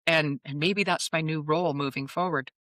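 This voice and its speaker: Recorded with no echo, this low-voiced woman talks at an ordinary speed. In her fifties and working as a psychic medium, she shares a personal anecdote as a guest in an interview, bringing the quoted exchanges to life like an animated storyteller.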